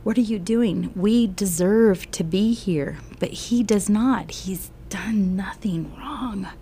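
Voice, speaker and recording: A woman voicing a repentant man dying beside Jesus, hushed and urgent as she pleads in his words. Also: medium pitch, fairly even intonation, normal speed, creaky, slight background noise, close to an everyday voice. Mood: pleading.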